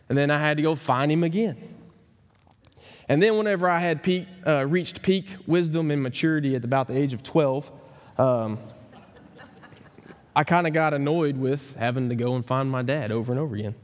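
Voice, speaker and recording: A man preaching a sermon as pastor, earnest and emphatic, slowing down to stress key phrases. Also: a little high, big-room sound. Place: church sanctuary.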